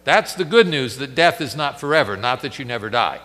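Forceful preacher man in a reverberant hall. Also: mid-range voice, expressive. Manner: emphatic, dramatic pauses, rhetorical questions. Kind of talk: sermon.

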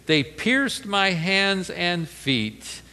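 A man's voice: sits high, animated, extremely slow, pushed and bright, big-room sound. A man preaching a conversational Bible sermon, reading scripture aloud with rising intensity.

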